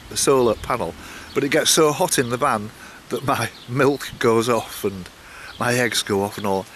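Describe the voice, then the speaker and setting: An older man rambles cheerfully to camera, his talk full of asides and restarts. His voice sits at an ordinary middle pitch for a man. A faint hum of outdoor noise sits behind him. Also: fairly bright tone. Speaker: walking vlogger. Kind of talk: casual vlog chat.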